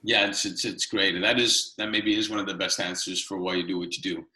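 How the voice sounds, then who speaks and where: A man's voice: low-pitched, steady tone, fairly quick, sharp tone, roomy sound, rough recording. A man from Canada hosting a casual interview, chatty and rambling with many fillers. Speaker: interview host.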